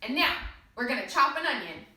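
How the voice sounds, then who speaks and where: A woman's voice: sits high, very animated, brisk, noisy background. A woman teaching a kids yoga class through pretend play, in a playful, encouraging, sing-song way. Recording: echoey room, voice from a distance.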